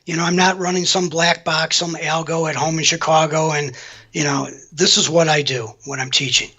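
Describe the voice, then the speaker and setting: A man, a former floor trader, chatting frankly and relaxed as a guest over a video call. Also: on the high side, normal speed. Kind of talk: casual interview chat.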